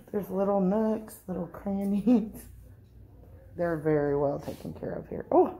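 A middle-aged woman, vlogging casually and cooing at cats in a high sing-song voice while talking through a face mask indoors. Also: expressive, a little slow, mellow, a little hiss or hum. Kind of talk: casual vlog chat. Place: indoor cat shelter room. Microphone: handheld camera, talking through a face mask.

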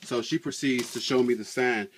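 A man's voice: mid-range voice, moderate pace, slight background noise. Chatty man retelling a store run-in. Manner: animated, acts out both sides of an argument; colloquial, chatty, frequent "you know". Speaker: couponing vlogger. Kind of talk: casual storytelling to camera.

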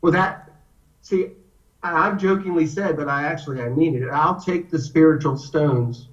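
A man's voice: a little high, normal speed. A man telling stories in a casual conversation, acting out the voices of the people he quotes. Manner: animated storyteller, acts out quotes. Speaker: guest. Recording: echoey, distant, dull lo-fi sound.

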